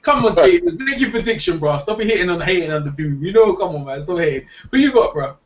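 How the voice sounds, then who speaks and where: A high-voiced host runs a casual online hangout, talking animatedly at a quick pace in loose slang and repeating himself as he goes. He sits back from a dull, lo-fi mic, so he sounds distant, and a faint hiss runs underneath.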